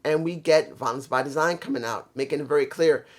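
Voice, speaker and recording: A man's voice: fairly high pitch, fairly quick. A man giving a casual, opinionated review monologue. He rants bluntly, swears freely, and has a worn voice he calls messed up. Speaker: show reviewer.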